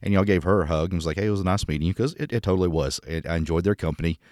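A Texan man with a very low voice talks fast, sharing candid stories on a podcast. He tells them with crude, joking humor. The recording is dry and close. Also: a little mellow, no echo. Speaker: podcast co-host. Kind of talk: casual conversation.

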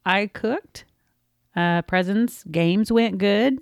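A woman's voice: mid-range voice, slow pace, vocal fry, no room sound, studio quality. A woman from Oklahoma with a Southern US accent, co-hosting a podcast in casual chat, candid and plainspoken. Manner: candid, plainspoken, laughs easily. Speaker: podcast co-host.

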